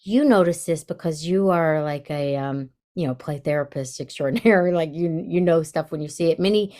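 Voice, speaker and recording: A woman's voice: deep voice, moderate pace, warm tone. A woman hosting a podcast, introducing her guest in an effusive, rambling way. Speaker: podcast host. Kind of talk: casual podcast interview.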